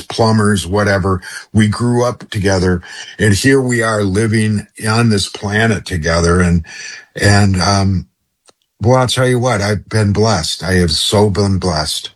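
A man's voice: on the low side, unhurried, slightly rough. A middle-aged man guesting on a talk radio show, effusive and rambling, often restarting his sentences. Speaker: radio guest, former radio host.

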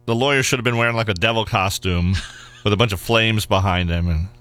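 Bright-voiced wisecracking man on radio. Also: lowish voice, a little fast, no echo. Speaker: business reporter. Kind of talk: joking radio banter.

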